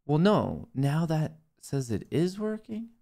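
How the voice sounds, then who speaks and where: A man's voice: a little high, very animated, takes it slowly, vocal fry, dark tone. A young man hosting a live trading stream, talking casually to himself and his viewers, muttering and swearing at the market. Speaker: livestream host, day trader.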